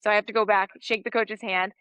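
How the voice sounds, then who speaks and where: A woman in her thirties tells a story with animated energy and frequent laughter. Her voice is bright and clear, in the middle of her range. The recording is dry and close, with no room echo. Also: mid-range voice, fast talker. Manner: animated, laughs often while telling a story. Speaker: podcast guest. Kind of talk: storytelling in a casual interview.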